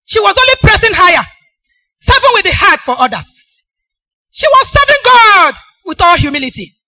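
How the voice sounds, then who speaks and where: Nigerian woman preacher, bright voice, dry close sound, emphatic, call-and-response questions. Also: very high voice, sing-song, moderate pace, no room sound, poor audio. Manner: emphatic, poses questions for the congregation to answer. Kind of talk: sermon.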